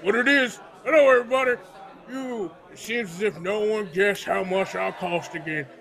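A man voicing a brash, wisecracking male ventriloquist doll in a tabletop game, loud and cocky. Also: high-pitched, moderate pace, vocal fry, pitched above the performer's own voice.

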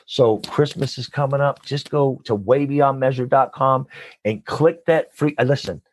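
A man being interviewed as a guest, a nonprofit leader and coach, talking with animated, preacher-like enthusiasm and call-and-response. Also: mid-range voice, moderate pace.

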